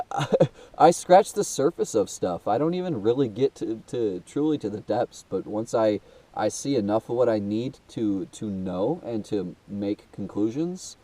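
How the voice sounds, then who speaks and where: Young man, low dark voice, congested, rambling and profane vlog monologue, mic a little distant. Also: animated, measured pace. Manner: casual and swearing, calls listener dude, many restarts and fillers. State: blocked nose, trouble breathing. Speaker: self-made video host. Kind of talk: rambling personal monologue to camera.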